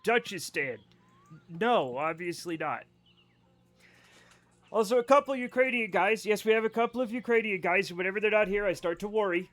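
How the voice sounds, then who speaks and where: High voiced guy streaming a game, swearing a lot and rambling at chat. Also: animated, moderate pace, a bit bright, soft background music. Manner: rambling, profane, joking asides to chat. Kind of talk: casual live-stream chat with viewers.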